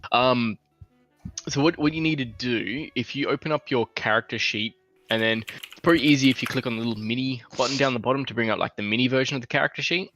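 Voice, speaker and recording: Patient young game master. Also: male voice, mid-range voice, fast, a bit bright. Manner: patient, instructive, hesitant. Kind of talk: explaining game software rules. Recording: slightly dull, faint music.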